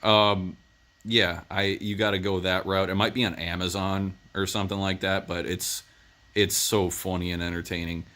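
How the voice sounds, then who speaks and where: A man's voice: low-pitched, flat delivery, moderate pace, pushed and bright. A man giving a casual movie review, rambling through the plot with lots of "uh" and "um". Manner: rambling plot retelling with many fillers.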